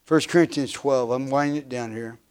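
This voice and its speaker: A man's voice: medium pitch, fairly quick, darkish tone, clean tone. A man in his fifties preaching a sermon as pastor, with emphatic repeated refrains, frequent restarts and filler uhs, his volume swelling and dropping. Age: 50s.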